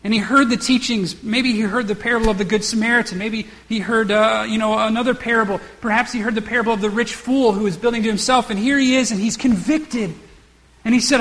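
A man's voice: high-pitched, fast, a bit bright, in a large hall. A man preaching a sermon, acting out the characters' lines and often restarting his words. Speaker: pastor.

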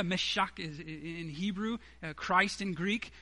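Bright-voiced preacher man, high and emphatic. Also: a little slow, hardly any pauses. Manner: emphatic, acts out quoted dialogue. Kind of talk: sermon.

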